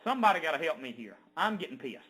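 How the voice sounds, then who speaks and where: A man ranting as an online news commentator, reading an article aloud with indignant, sarcastic outbursts that swing from loud to low. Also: big pitch swings, racing, rough recording.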